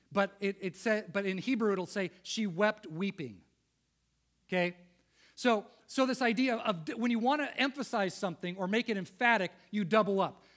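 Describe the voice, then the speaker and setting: A man preaches in a high, ringing voice. He presses his points emphatically, swelling loud and then sinking low and quiet. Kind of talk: sermon.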